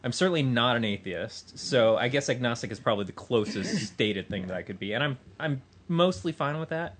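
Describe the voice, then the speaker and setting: Soft-spoken rambling man. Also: medium pitch, animated, a little fast. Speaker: podcast co-host. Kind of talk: casual group chat.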